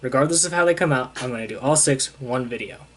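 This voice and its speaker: A man's voice: medium pitch, fast, a bit bright, slight background noise. A young man, a comic book reviewer, casually recapping a story and paraphrasing the characters' lines as he goes. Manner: casual, retells scenes with "he's like" paraphrases.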